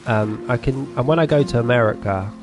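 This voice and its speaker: Streaming a farming game, an Englishman with a Norfolk accent chats casually with viewers, self-deprecating and laughing often. His voice is medium-pitched and brisk, with music in the background.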